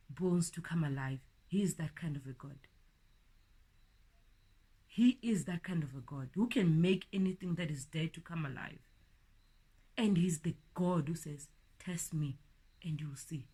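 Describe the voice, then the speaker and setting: A middle-aged woman preaching an informal sermon, earnest, often repeating words, building to emphatic peaks and then dropping soft. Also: fairly low pitch, slightly rough.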